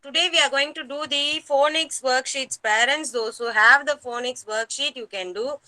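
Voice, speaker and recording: A woman teaching a kindergarten class over a video call, patient and slow, repeating each word for the children. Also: high-pitched, bright, forceful tone, no room sound.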